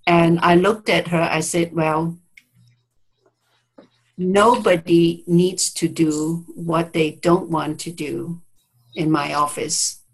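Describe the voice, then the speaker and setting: A woman's voice: lowish voice, fairly even intonation, takes it slowly, husky, rough recording. A woman therapist telling a client story in an interview, speaking reflectively, with hesitant restarts and quoted dialogue, over a video call. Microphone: video call mic.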